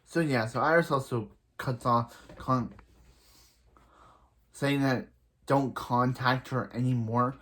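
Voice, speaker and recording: A man's voice: medium pitch, steady tone, a bit bright. Guy rambling thru a tv episode recap, lots of so yeah and restarts. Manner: rambling, halting, many restarts and fillers. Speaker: show reviewer.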